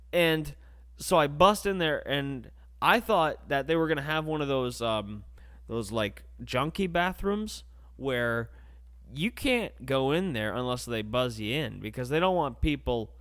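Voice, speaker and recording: Animated young man telling crude stories. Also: medium pitch. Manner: animated, crude, acts out voices. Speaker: podcast host. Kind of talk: comedic storytelling monologue.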